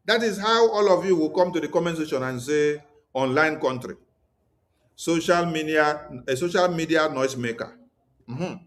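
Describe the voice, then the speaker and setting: A man with a Nigerian accent and a somewhat high voice delivers heated political commentary. He scolds and mocks his audience, firing off one rhetorical question after another. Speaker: online commentator.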